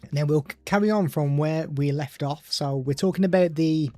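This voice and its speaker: A man's voice: fairly high pitch, moderate pace, dark tone, dry recording, faint music behind. A man hosting a casual live product demo at his home desk, talking loosely into a studio microphone and stopping now and then to chat to his pet. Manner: chatty, loose, stops to talk to his pet. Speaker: tech livestream host. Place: home desk streaming setup. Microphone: studio microphone through a mixer at a desk.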